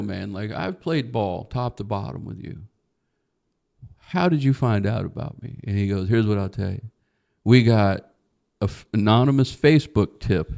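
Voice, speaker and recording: A man's voice: medium pitch, gravelly. A man, a guest comedian, telling a long story on a comedy podcast, swearing freely and acting out the other people in it. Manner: profane, animated storyteller who acts out quotes.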